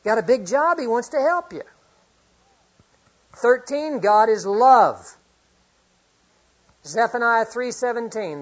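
A middle-aged man preaching a sermon, earnest, reading scripture often and swinging from loud to hushed. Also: very high-pitched, expressive, takes it slowly, long pauses. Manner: reads scripture aloud often. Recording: dull lo-fi recording.

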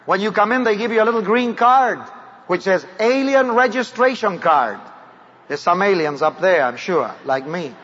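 A man from South America with a South American accent, preaching a sermon to a large crowd, moving from raised declarations to hushed low lines. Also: lively intonation, normal speed. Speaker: evangelist preacher. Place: large hall before a crowd. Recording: dull recording with long hall reverb.

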